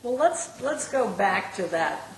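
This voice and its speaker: A woman interviewing a guest, gently prompting him to tell a story. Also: mid-range voice, very animated, slow pace. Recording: roomy, off-mic with faint hiss.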